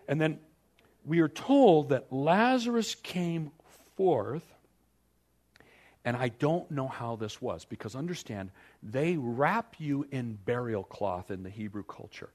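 Lively, animated male pastor preaching. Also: medium pitch, normal speed. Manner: animated storytelling, acting out scripture scenes. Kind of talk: sermon.

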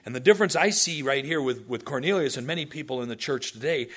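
A man's voice: medium pitch, animated, fast, a bit bright, husky. A male pastor preaching a sermon, telling stories animatedly with asides to the congregation.

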